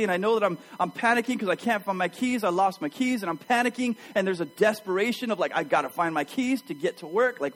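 Male pastor, higher-pitched voice, animated sermon storytelling aimed at the congregation. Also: rough recording.

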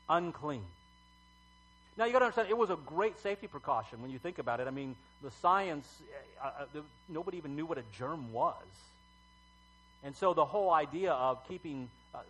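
A middle-aged man preaching a sermon as pastor, talking conversationally with halting fillers and emphatic swells. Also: fairly high pitch, a bit bright, low-quality recording.

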